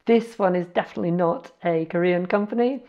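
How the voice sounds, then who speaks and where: A language learner with a mellow voice on the low side teaches foreign words in a chatty way, spelling letters out slowly and correcting herself. The audio sounds dull.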